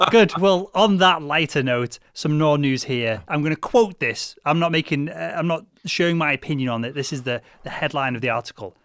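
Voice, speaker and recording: A man's voice: on the high side, animated, normal speed, few pauses, fairly bright tone, no echo, clean studio sound. A young man hosting a podcast, chatting casually with lots of restarts and fillers. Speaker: podcast host. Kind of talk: casual chat.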